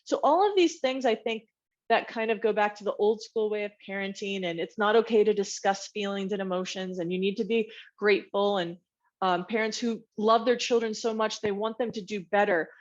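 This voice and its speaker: A woman's voice: mid-range voice, a little fast. A woman guest recounts her childhood in a candid, reflective tone, slipping into the voices of people from her past. Her sound is a little dull and lo-fi. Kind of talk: personal story in a podcast interview.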